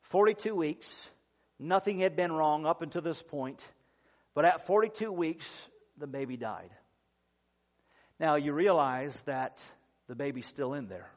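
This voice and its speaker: A man preaching a sermon as pastor, telling a story in an earnest, measured way with drawn-out pauses. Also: on the high side. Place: church service. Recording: dull lo-fi sermon recording.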